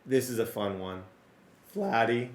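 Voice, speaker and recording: Excitable male game commentator with a strained, cracking voice and mid pitch; roomy sound. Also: measured pace. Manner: excitable, talks to viewers, rattles off player names. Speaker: gaming YouTuber. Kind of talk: casual gameplay commentary.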